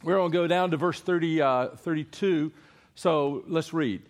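Man, preacher, sermon, slightly high voice, playful then hushed. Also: moderate pace. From Eastern North Carolina. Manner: playful, coaxing the congregation, then hushed and earnest. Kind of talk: sermon with congregational reading. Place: church before a congregation.

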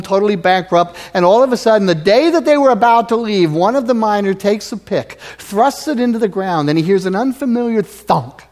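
A high-voiced male pastor preaching in a church sanctuary. He is emphatic, rising to loud exhortation and then dropping to hushed near-whispers. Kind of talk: sermon.

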